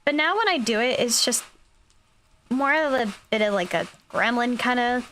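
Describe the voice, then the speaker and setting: Lively high-voiced woman streamer. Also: normal speed, faint music behind. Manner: rambling, upbeat, lots of fillers. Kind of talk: casual chat.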